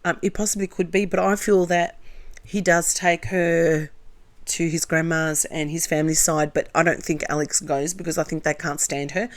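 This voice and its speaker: A woman with a somewhat low voice talks close to the mic in a casual commentary video. She reads viewer comments aloud one after another and answers each with blunt, opinionated remarks and chatty asides. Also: steady tone, moderate pace. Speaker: commentary channel host.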